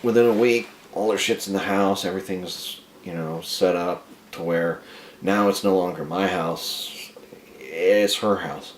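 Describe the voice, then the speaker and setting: A man telling a dark, comic story about himself in a crude, profane, rambling way. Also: low-pitched, unhurried, roomy sound, slight background noise.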